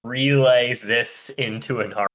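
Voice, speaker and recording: A man playing a tabletop game, chatting casually in an animated, rambling way. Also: mid-range voice, a little slow.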